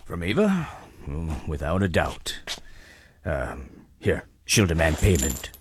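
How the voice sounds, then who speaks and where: A man's voice: medium pitch, sing-song, unhurried, a bit bright, slight background noise. A man playing a nervous palace servant who hesitates and stumbles over his words in a radio drama. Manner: hesitant, full of uh's.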